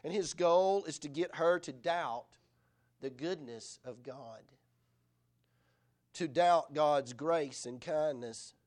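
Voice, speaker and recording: A man's voice: a little high, slow pace. A middle-aged male pastor preaching a sermon in an earnest, conversational way, often asking the listeners rhetorical questions.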